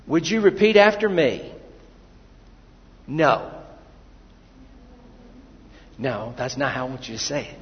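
A man preaching a sermon, moving from quiet storytelling to loud, drawn-out exhortation to the congregation. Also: mid-range voice, big pitch swings, a little hiss or hum. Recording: dull, lo-fi with long hall reverb.

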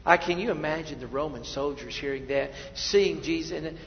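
High-voiced preacher in a reverberant hall. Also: male voice, moderate pace, creaky, a little hiss or hum. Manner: preaching with swings from hushed to loud. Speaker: pastor. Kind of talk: sermon. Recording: dull sound in a reverberant hall.

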